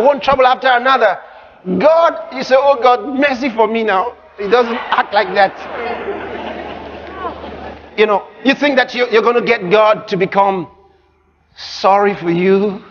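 A male pastor preaching a sermon, emphatic and often shouting, acting out the voices of the people he quotes. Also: very high-pitched. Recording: muffled live recording with crowd and noise.

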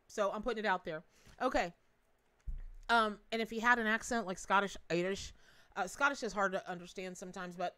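A woman's voice: medium pitch, sharp tone. A middle-aged woman hosting a live tarot reading, talking in a bubbly, chatty way with frequent laughs and folksy asides.

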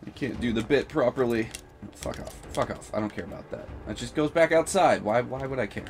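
A man with a sick voice giving casual, excitable commentary over his gameplay, swearing and shrieking high-pitched battle cries. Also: brisk, creaky, a little hiss or hum. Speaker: gaming video host.

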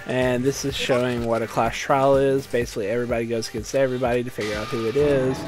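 A young man livestreaming a game, retelling the story in an animated, profane way and slipping into quick voices for the characters. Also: medium pitch. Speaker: streamer. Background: game music.

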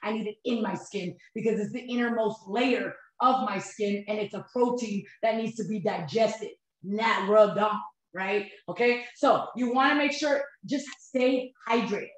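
A woman, hosting and talking to her viewers about her life, animated and heartfelt. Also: mid-range voice, measured pace. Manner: animated, heartfelt, addresses viewers as "you guys". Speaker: host of a couples health channel. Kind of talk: emotional personal talk to viewers. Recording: very echoey room.

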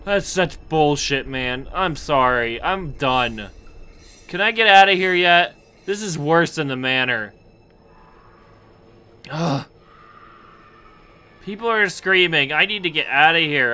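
A man's voice: fairly high pitch, expressive, slow, pauses often, bright, forceful tone, smooth. A young man commentating a horror game, nervous and jumpy, chatting to objects around him and yelping at scares. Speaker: gaming YouTuber.

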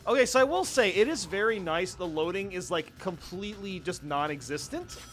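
A young man giving casual, jokey let's-play commentary, reacting loudly to the game as he plays. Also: high-pitched, a little fast. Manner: excitable, jokey, yelps at the game. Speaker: gaming YouTuber. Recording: faint game music behind.

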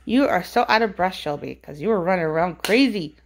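A woman's voice: lowish voice, animated, brisk. A woman filming her dogs at home and talking to them in sing-song baby talk. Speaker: dog owner filming her pets. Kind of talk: casual pet-talk vlog. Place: home, indoors.

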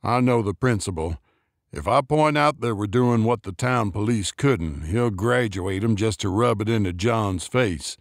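A gruff older man with a low, menacing edge, as a male narrator puts him on. He barks short, clipped orders and has little patience. The voice sits deep and dry, with no room around it. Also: a little slow, no echo.

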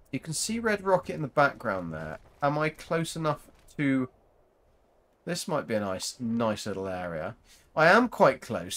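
A man's voice: medium pitch, a bit bright. A man hosting a gaming channel, rambling casually to viewers as he plays. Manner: rambling, chatty, talks to viewers. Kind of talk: casual gameplay commentary.

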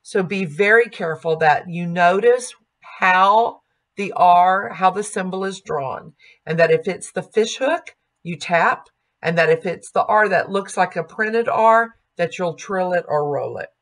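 A woman teaching a music diction lesson, speaking slowly and carefully and modeling sung vowels and words aloud. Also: on the low side.

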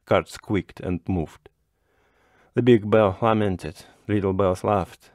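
A man with a lowish voice reads a classic short story aloud at a slow, measured pace. The recording is dry and close, with no room sound. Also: fairly even intonation, darkish tone, no echo. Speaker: narrator. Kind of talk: scripted story narration.

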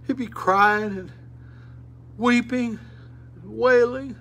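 A man's voice: very high voice, very slow, a bit bright. An older man preaching a sermon at a rescue mission, plain-spoken and folksy with fervent appeals, in an auditorium.

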